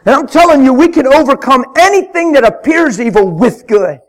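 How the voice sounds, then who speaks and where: A man preaching a spontaneous sermon in a church, fervent and emphatic, repeating his phrases and swinging up into loud shouts. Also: very high-pitched, lively intonation, brisk. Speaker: traveling preacher. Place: church hall with congregation.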